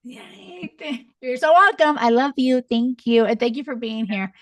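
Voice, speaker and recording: A woman who hosts a dating-coach podcast, talking in a casual, gushing way and repeating how much she loves her guest. Her fairly high voice sounds dry and set back from the microphone. She speaks effusively throughout. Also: unhurried, dry recording, recorded from a distance. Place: in Madrid.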